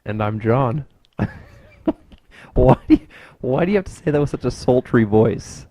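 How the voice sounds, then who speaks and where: A man's voice: medium pitch, animated, moderate pace, mellow, no echo. A young man co-hosting a casual podcast, rambling loosely with lots of fillers and easy laughs. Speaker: podcast co-host.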